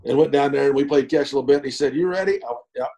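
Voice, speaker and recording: Mellow-voiced storyteller. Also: male voice, medium pitch, flat delivery, rough recording. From East Texas. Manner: unhurried, folksy yarn-spinner with frequent fillers and chuckles. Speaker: guest, former pro baseball pitcher. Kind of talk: casual storytelling interview.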